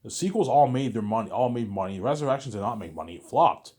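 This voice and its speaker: A man's voice: mid-range voice, big pitch swings, fast, darkish tone, breathy edge. A man vlogger ranting in a casual monologue, repeating himself and swearing freely. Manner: repetitive, profane ranting.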